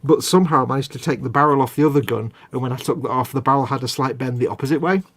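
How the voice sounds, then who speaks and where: A live-stream host talks rapid-fire in a medium-pitched, fairly bright voice. Describing his model building, he keeps it casual and chatty, often joking about himself.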